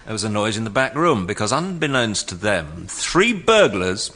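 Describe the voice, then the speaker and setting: A man on a comedy panel improvising a story, slow and emphatic. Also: lowish voice, sing-song, fairly bright tone, a little hiss or hum.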